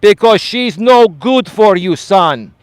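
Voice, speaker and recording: A man voicing his stern older father with a thick Greek accent, speaking slowly and emphatically with blunt warnings. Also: sits high, expressive, dry recording, voice pushed up. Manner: slow, emphatic, loud warnings.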